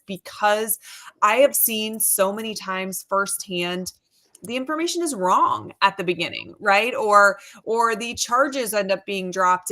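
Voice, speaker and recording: A woman's voice: medium pitch, pushed and bright. A woman hosting a sports talk show, chatting casually on a video call with frequent asides and restarts. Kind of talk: casual panel discussion.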